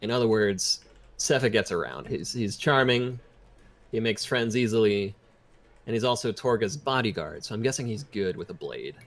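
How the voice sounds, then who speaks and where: A man as dungeon master, narrating and speaking for characters in a measured, expository way. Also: fairly low pitch, animated. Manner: expository, measured, with many fillers. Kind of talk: narrating a tabletop game in character.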